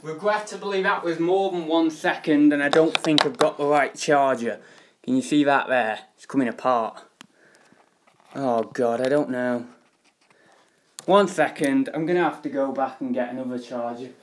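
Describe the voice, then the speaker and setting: A man's voice: mid-range voice, moderate pace, slight background noise. A young man chatting casually on a home live stream, rambling with many fillers.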